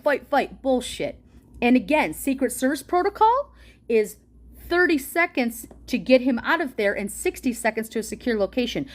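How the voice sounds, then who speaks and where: Furious, profane woman ranting. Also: medium pitch. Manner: heated, profane, rapid-fire and confrontational. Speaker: political commentator reading a policy document aloud. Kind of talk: angry direct-to-camera rant.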